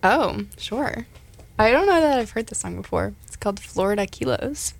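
Young woman co-host, relaxed and hesitant, casual register, mid pitch. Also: moderate pace, gravelly. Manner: relaxed, laughs easily, hesitant fillers. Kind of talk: casual chat.

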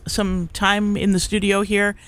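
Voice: mid-range voice, monotone, a bit bright, no room sound. A middle-aged community radio DJ chatting casually on air in the studio. They ramble and restart their sentences often, fill gaps with "uh" and "um", and chuckle easily. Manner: rambling and halting, full of fillers and restarts. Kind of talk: casual live radio chat.

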